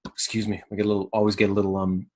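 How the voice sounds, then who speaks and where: A middle-aged man hosts a motivational podcast, delivering a candid, rambling monologue with swearing and self-corrections. His lowish voice is monotone and darkish, racing along over slight background noise.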